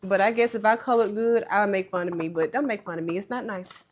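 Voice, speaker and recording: In a budgeting vlog, a woman speaks at a quick pace with a medium-pitched voice, casually showing how she stuffs cash into envelopes. She's chatty and self-deprecating but tearful, her voice breaking. There's slight background noise.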